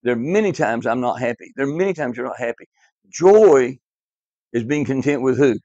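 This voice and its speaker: A man's voice: mid-range voice, fast talker, darkish tone, no echo. A man teaching a class Bible lesson, emphatic and repetitive, quizzing his students in a classroom. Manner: emphatic, repeats key words, quizzes the class. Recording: dull lo-fi, dry.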